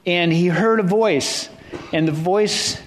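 A man's voice: high-pitched, slow pace. A middle-aged man preaching a sermon in a conversational way, often restarting phrases and adding asides.

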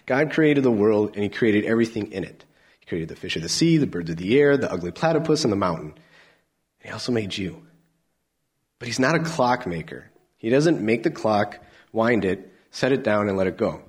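A man preaching a sermon, animated, swinging from loud emphatic lines to soft near-whispers. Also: fairly low pitch, normal speed, husky.

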